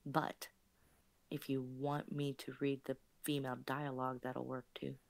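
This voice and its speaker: A woman co-hosting a casual live stream, soft-spoken and quick to laugh. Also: extremely low pitch, level tone, vocal fry, no echo. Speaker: co-host and story reader.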